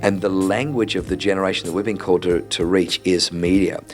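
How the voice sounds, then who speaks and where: A middle-aged man with a very deep voice. He is a senior pastor in a casual interview, earnest and preacherly, and he stumbles over repeated words as he gets going. Soft music plays faintly underneath. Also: fairly even intonation, fairly quick.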